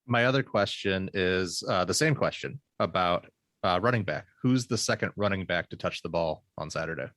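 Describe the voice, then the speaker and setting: A man's voice: deep voice, normal speed, fairly bright tone, dry recording. A man producing a sports podcast, speaking briefly and reading prepared questions and picks. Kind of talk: casual sports chat.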